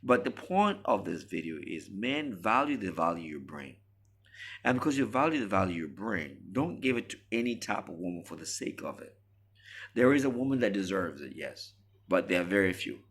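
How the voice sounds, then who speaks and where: A man's voice: deep voice, big pitch swings, moderate pace, breathy edge. A man delivering a preachy, emphatic monologue to camera as a relationship commentator.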